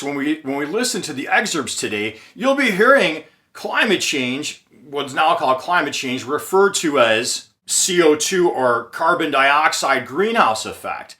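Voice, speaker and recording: A man's voice: on the high side, sharp tone. A man hosting an explainer commentary, earnest and emphatic, stretching out key phrases. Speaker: channel host.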